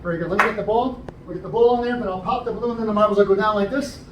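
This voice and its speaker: Speaking very fast with fairly even intonation, a high-voiced man entertains a library crowd as a juggler, explaining each trick step by step between jokes. The live show was recorded by a camera among the audience in the library's indoor program room, with roomy, distant, noisy sound.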